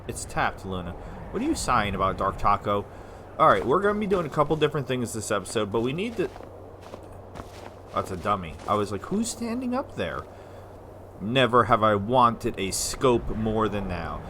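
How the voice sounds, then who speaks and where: A man from the United States giving casual, rambling let's-play commentary as a gaming video host, sometimes slurring syllables when excited. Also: lowish voice, moderate pace, a little hiss or hum. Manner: rambling, chatty, self-deprecating.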